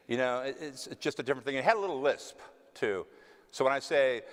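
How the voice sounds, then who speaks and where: A man's voice: mid-range voice, brisk. A man with a Texan accent, an actor telling stories to an audience in a theater, self-mocking and acting out the voices he quotes. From West Texas. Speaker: actor answering audience questions. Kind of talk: casual storytelling Q&A. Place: theater stage. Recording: long hall reverb.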